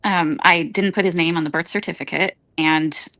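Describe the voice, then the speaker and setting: A woman's voice: fairly low pitch, fairly even intonation, moderate pace, a bit bright, no room sound. A woman being interviewed on a stream, telling her story hesitantly and searching for words. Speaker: interview guest.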